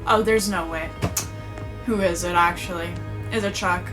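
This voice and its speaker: A woman's voice: lowish voice, fairly even intonation, normal speed. A woman giving casual reaction commentary, emotional, exclaiming and swearing often. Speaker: reaction video host. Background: episode audio and music.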